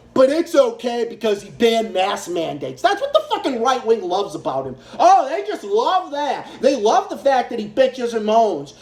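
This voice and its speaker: A man's voice: very high-pitched, darkish tone. A man ranting angrily in a profane, repetitive way, giving political commentary. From Massachusetts, US. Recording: echoey room.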